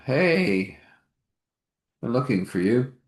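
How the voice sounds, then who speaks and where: A man's voice: mid-range voice, big pitch swings, slow pace, roomy sound, pitched above the performer's own voice. A man voicing a friendly middle-aged band chief who runs the office and has a hurt back. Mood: busy, friendly.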